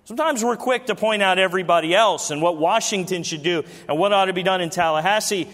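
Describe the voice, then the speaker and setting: A pastor in his thirties with a notably high, fairly bright voice preaches at a quick pace from the pulpit during a church service. He talks to the congregation like friends and keeps posing rhetorical questions, his voice ringing with the long reverb of a large sanctuary.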